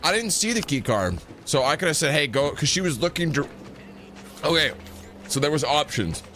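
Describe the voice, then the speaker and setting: Playing a video game, a male YouTuber rambles along in a slightly high, very animated voice at a moderate pace. His tone is a bit bright, there's a little hiss or hum, and he keeps correcting himself mid-sentence in his chatty commentary.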